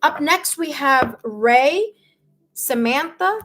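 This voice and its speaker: A woman's voice: sits high, expressive, slow, fairly bright tone, soft background music. A woman hosting a live tarot stream, chatting effusively with viewers and reading their comments aloud. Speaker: tarot reader and livestream host.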